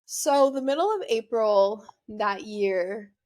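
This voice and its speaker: A woman's voice: medium pitch, animated, takes it slowly, darkish tone. Young woman rambling through a personal story. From United States. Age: young adult. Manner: rambling, heavy use of "like", emotional confessional. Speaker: podcast host.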